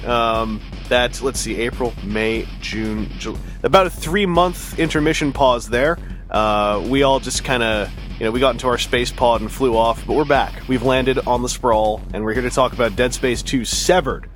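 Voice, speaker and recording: A man's voice: mid-range voice, moderate pace, faint music behind. A man hosting a casual podcast chat, rambling and self-mocking with dry sarcasm. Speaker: podcast host.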